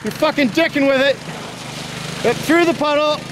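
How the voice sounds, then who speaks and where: A man's voice: very high voice, normal speed. Rowdy swearing guy filming outside. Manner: swears constantly, laughs, hollers. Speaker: vlogger filming friends. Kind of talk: profane excited play-by-play commentary. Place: outdoors in a yard. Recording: outdoor camera audio with engine noise. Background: small engine revving.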